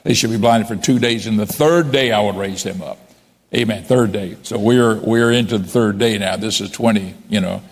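A man's voice: lowish voice, moderate pace, slightly rough, long reverb tail. A man preaching a sermon as a bishop, quoting scripture and raising his voice emphatically for key points.

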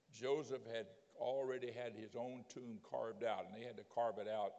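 A man preaching a sermon as a bishop, telling scripture stories in a plain, homely way with frequent pauses and "uh"s. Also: medium pitch, steady tone, gravelly, dark tone, long reverb tail. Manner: plain-spoken storytelling preaching with frequent "uh" and drawn-out emphasis.

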